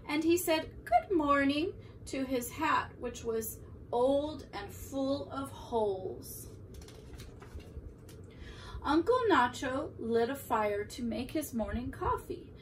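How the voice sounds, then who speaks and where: Animated woman reading a picture book. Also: high-pitched. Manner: expressive, animated storytelling. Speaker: preschool teacher. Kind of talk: children's picture book read-aloud. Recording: distant mic, faint room noise.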